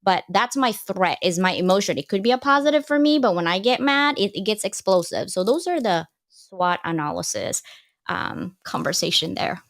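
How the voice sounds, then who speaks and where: Woman guest on a live panel, emphatic and animated, pokes fun at herself. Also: medium pitch, normal speed. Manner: animated, emphatic, self-deprecating. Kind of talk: casual live panel chat.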